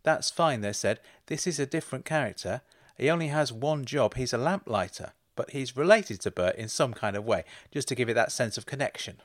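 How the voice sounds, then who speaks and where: A man delivers a comic monologue with dry, deadpan timing and growing mock outrage. His mid-pitched voice sits close to the mic, with no room echo. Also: brisk. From England.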